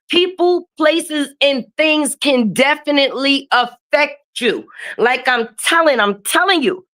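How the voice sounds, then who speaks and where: A high-pitched woman with a sharp, bright tone hosts a casual live stream, sniffly from a cold. She talks bluntly and animatedly, swearing freely and greeting viewers by name. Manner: animated, blunt and profane, calling out names. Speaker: livestream host. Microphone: webcam or phone mic while streaming.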